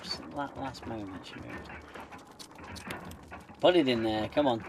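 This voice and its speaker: A man's voice: mid-range voice, unhurried, creaky, background noise. A man giving casual, muttering commentary while he plays a video game, tossing in playful sing-song asides. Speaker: gaming channel host. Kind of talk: casual let's-play commentary.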